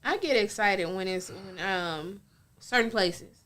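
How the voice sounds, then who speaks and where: A woman's voice: mid-range voice, unhurried, a bit bright. A woman co-hosting a casual talk show, telling frank stories in a chatty, down-to-earth way with a Southern US accent. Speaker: podcast co-host. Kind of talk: casual chat.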